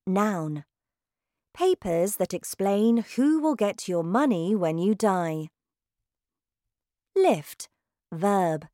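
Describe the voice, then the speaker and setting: A woman narrating a graded-reader audiobook, reading clearly and carefully, one word at a time. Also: medium pitch, a little mellow, dry recording, studio quality.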